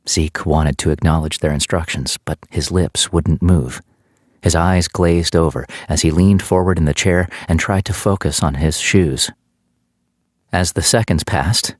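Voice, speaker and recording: Male audiobook narrator, low voice, steady measured read, dry close mic. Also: no room sound.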